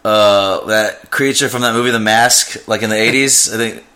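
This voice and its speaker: A man's voice: lowish voice, fairly even intonation, normal speed, pushed and bright. A man co-hosting a casual podcast, joking and boasting in loose banter. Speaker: podcast co-host. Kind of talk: casual chat.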